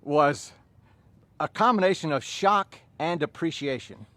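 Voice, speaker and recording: A middle-aged man with a Southern US accent telling a story casually, animated, chuckling and restarting phrases. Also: fairly high pitch, a little slow, no echo. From Southern United States. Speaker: fitness coach and storyteller.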